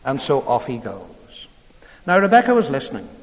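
A man's voice: mid-range voice, huge pitch swings, normal speed. A man preaching a storytelling sermon in a chatty way, full of rhetorical tag questions. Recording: long hall reverb.

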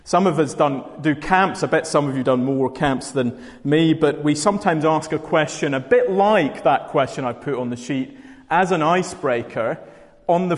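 A Scottish man giving a sermon in a conversational way, with dry humour. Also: fairly high pitch. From Scotland. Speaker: preacher. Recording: long hall reverb.

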